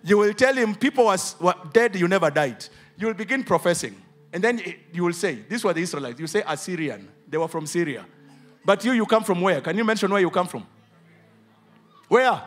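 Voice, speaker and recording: High, lively Kenyan male preacher. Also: a little fast, soft background music. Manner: preaching, asks the congregation questions. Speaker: pastor. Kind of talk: sermon. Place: church.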